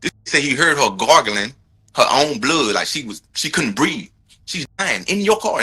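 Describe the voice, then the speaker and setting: A man's voice: mid-range voice, expressive, normal speed, pushed and bright, husky. A man, a victim's brother, angrily retelling events in a casual, profane, emphatic way, often repeating himself for stress. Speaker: brother of a victim giving a court update.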